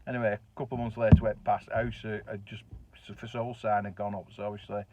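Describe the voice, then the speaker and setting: A man's voice: fairly low pitch, level tone, fast talker, warm tone, a little hiss or hum. A middle-aged man with a Northern English accent, telling a colloquial, chatty anecdote with the odd swear word. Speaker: storyteller. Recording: dull, dry lo-fi recording.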